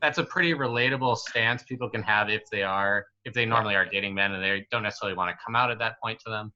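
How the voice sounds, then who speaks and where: A man in his twenties telling a story as a guest on a casual podcast, chatty and relaxed, full of fillers like "like" and "you know". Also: fairly low pitch, fast, a little hiss or hum. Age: 20s. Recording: slightly muffled lo-fi recording.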